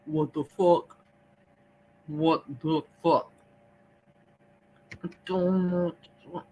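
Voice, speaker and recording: Brief: reaction host, blunt and swearing, crisp bright tone, faint background noise. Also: mid-range voice, low-quality recording. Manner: blunt, profane, impatient. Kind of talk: casual commentary on clips.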